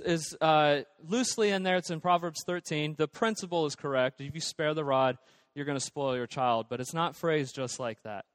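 High-voiced male pastor, casual preaching. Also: a bit bright, no room sound, big-room sound. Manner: conversational, with many fillers and restarts. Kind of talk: sermon.

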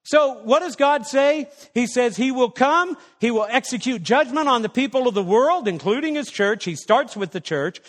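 A man's voice: very high voice, animated, normal speed, few pauses, big-room sound. A man preaching a sermon as a pastor, emphatic and firing rhetorical questions at the congregation.

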